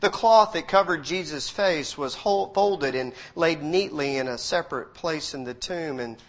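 A man with a fairly high voice preaching a sermon as a dramatic story. He drops to near-hushed narration, then climbs into loud, fervent exhortation. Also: unhurried, hardly any pauses. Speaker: pastor.

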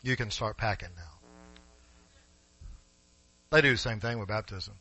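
A man preaching a sermon in a church, emphatic and rising to forceful peaks, speaking directly to his congregation. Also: fairly low pitch, a little slow, husky, dry recording, low-quality recording. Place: church sanctuary.

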